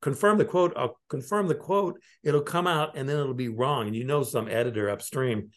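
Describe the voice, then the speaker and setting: A middle-aged man from Alaska, a lawyer and interview guest, telling stories in a halting, rambling way with chuckling asides. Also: medium pitch. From Alaska, United States. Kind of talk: casual interview conversation.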